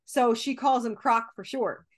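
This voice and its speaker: A woman guest in a casual interview, telling stories in an animated way, with frequent fillers and laughs. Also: a little high, measured pace. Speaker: guest comic creator and co-author.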